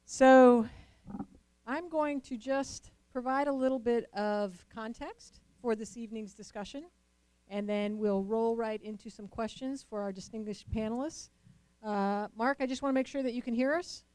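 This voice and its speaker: A woman's voice: fairly high pitch, steady tone, moderate pace, darkish tone, clear, resonant tone, no echo, rough recording. A woman moderating a panel discussion at a dinner event, greeting the audience with energy before setting out the context.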